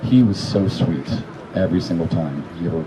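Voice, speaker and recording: A man telling profane, animated stories as a eulogy, acting out what people said. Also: deep voice, brisk, background noise. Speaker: speaker at a memorial gathering. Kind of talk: informal eulogy storytelling.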